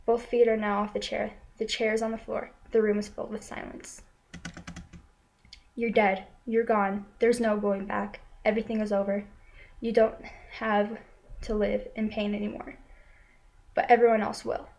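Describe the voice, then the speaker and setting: A woman telling a story in a slow, solemn, steady manner, returning again and again to the same short lines. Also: medium pitch, creaky, slight background noise, rough recording. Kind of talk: spoken second-person narration.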